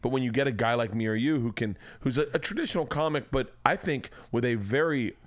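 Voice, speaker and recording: A man from Florida hosting a podcast, telling rambling, profane stories with plenty of restarts. His voice sits at a middle pitch and sounds dry and close. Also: fast talker, dry recording. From Florida, USA. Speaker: podcast host. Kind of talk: casual podcast chat.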